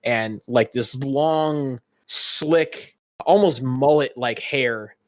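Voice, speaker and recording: A man's voice: mid-range voice, extremely slow, no echo, studio quality. A man narrating as game master of a tabletop game, describing scenes in a rambling way with many fillers.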